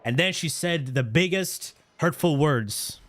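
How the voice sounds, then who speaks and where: Streamer in his thirties from Canada, fairly high and very bright voice, loose slangy storyteller who swears a lot. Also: measured pace. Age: 30s. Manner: animated, slangy, profane, repeats "right?". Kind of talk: casual storytelling to chat.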